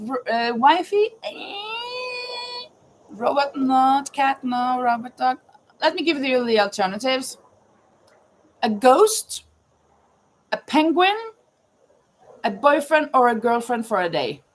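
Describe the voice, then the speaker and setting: A woman's voice: sits high, animated, unhurried, pauses often, poor audio. A woman hosting a casual live chat, reading trivia questions aloud and greeting viewers by name. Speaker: livestream host running a trivia quiz.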